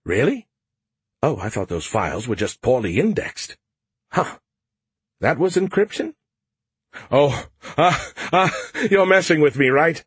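Man voicing a boastful alien AI, raised pitch, husky, audiobook character. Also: sing-song, unhurried, pauses often, fairly bright tone, no room sound, heavily acted. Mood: smug. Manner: cocky, teasing, boastful. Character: smug male alien AI in a beer can.

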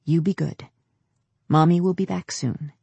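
A man voicing an anxious woman teacher who speaks hesitantly and softly. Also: on the high side, fairly even intonation, measured pace, creaky, husky, no room sound, lo-fi sound, exaggerated voice. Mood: tender. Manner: hesitant, shaky. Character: anxious middle-aged woman, schoolteacher.

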